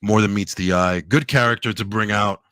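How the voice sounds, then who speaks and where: A man's voice: lowish voice, steady tone, moderate pace, pushed and bright, clear, resonant tone, no echo. A man co-hosting a casual review podcast, talking animatedly and acting out scenes in quoted voices, often laughing. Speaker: podcast co-host. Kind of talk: casual chat, show review.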